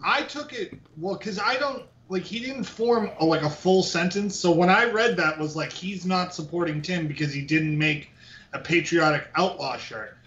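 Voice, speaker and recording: A man's voice: high voice, moderate pace, a bit bright, a little hiss or hum. A man co-hosting a podcast, chatting in a laid-back, amused way, sounding dull and echoey from off mic. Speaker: podcast co-host. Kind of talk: casual podcast chat.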